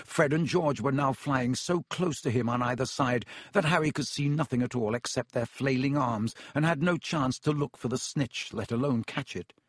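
A man reads a story aloud in a steady, measured narration. His voice has a husky texture at a middling pitch. The sound is dry and close, with no room around it. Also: no room sound. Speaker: audiobook narrator. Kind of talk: scripted narration.

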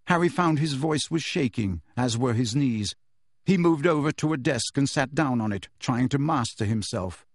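A man narrating a storybook in an expressive, dramatic way. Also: mid-range voice, normal speed, dry recording, studio quality. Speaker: audiobook narrator. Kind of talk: scripted narration.

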